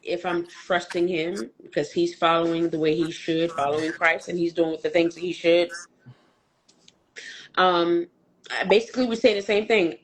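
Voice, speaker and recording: A woman's voice: fairly low pitch, fairly even intonation, normal speed. A woman on a casual podcast panel, stating her views firmly and bluntly, repeating her points. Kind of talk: casual debate chat.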